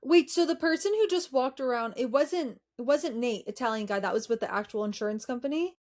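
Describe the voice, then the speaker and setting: A woman's voice: high-pitched, a little fast, darkish tone. A woman co-hosting a podcast, asking curious follow-up questions in casual chat. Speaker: podcast co-host.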